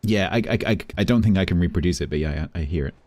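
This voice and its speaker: A man's voice: deep voice, racing, darkish tone, no room sound. A man streaming a naval war game, chatting casually and thinking aloud as he plays. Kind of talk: casual live-stream commentary.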